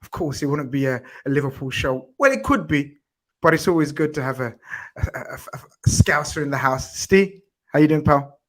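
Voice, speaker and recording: A man's voice: on the high side, animated, fairly quick. A man hosting a casual football chat show, chatty and teasing his guests. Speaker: podcast host.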